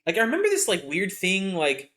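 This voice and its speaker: Chatty man with a higher voice. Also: huge pitch swings, brisk, bright, forceful tone. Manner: rambling, many fillers, sarcastic. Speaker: podcast co-host. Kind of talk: casual chat.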